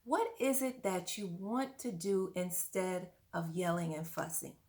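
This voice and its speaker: A woman's voice: on the low side, measured pace, a little mellow. Woman parent coach, earnest and coaching, speaks straight to the viewer. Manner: earnest, coaching, asks the listener questions. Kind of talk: direct-to-camera parenting advice.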